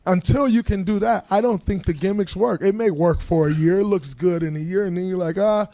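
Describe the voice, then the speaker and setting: A man with a fairly high voice talks basketball in an easy, measured way, circling back on his words to make a point. The sound is dry and close. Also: warm tone, no echo. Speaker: basketball player guest. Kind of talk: casual sports talk.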